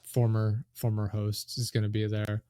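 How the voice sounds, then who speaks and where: A man's voice: fairly low pitch, monotone, moderate pace, warm tone, clear, resonant tone, dry recording. A young adult man hosting a podcast, chatting loosely and jokingly with lots of fillers. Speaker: podcast host. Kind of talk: casual podcast chat.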